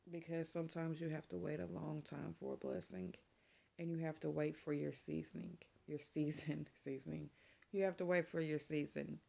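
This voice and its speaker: A woman's voice: sits low, vocal fry, a little mellow. A middle-aged woman, chatting casually and emotionally to her vlog audience. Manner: chatty and emotional, saying y'all. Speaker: vlogger. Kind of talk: casual chat to camera.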